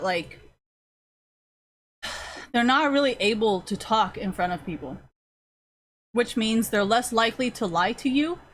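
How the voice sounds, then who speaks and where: Over a faint hiss or hum, a woman with a medium-pitched, somewhat bright voice chats casually with her stream's viewers. Her talk is rambling and profane, packed with fillers.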